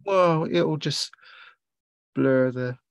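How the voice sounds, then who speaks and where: A man's voice: on the high side, very slow, vocal fry, smooth, no room sound, low-quality recording. A man giving a casual watercolour painting demonstration, chatty and rambling as he thinks aloud. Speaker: watercolour tutor.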